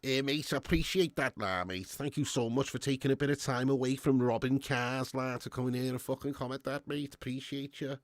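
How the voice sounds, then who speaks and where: A man hosting a live football watch-along, calling the play and chatting casually with viewers, swearing freely and swinging between excited shouts and weary sighs. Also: mid-range voice, brisk, few pauses, no room sound, clean studio sound. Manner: casual and matey, thanks viewers by name. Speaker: fan channel host doing live match watch-along.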